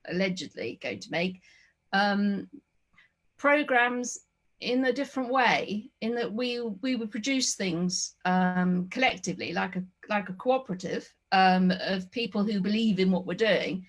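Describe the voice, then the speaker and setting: Hesitant woman interviewer, mid-pitched voice. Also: unhurried. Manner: hesitant, many restarts and fillers. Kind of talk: conversational interview.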